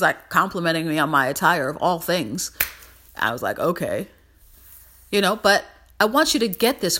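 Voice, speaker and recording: A woman hosting a podcast in a casual motivational monologue, animated and emphatic, repeating phrases for emphasis. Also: medium pitch. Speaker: podcast host.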